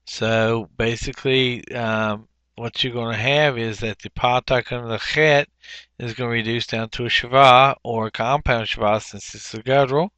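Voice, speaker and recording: Bright-voiced man teaching step by step. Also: mid-range voice, fairly even intonation, clean tone, no echo, lo-fi sound. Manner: unhurried, explanatory, frequent fillers and self-corrections. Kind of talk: workbook walkthrough lesson.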